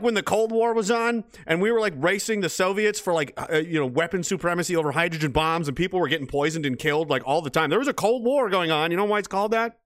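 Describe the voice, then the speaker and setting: Male commentator, high voice, sarcastic and profane, rambling mock-boss rant. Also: fairly bright tone. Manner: rambling with frequent restarts and fillers.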